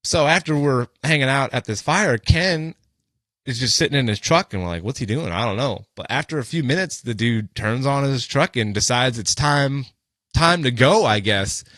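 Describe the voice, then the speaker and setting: Podcast co-host, male, casual storyteller with a bright, forceful voice and a dry, close sound, rambling and swearing freely with plenty of "like" and "you know". His pitch sits in the ordinary middle range. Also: lively intonation, moderate pace, no echo. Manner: loose and profane, with many fillers like "like" and "you know".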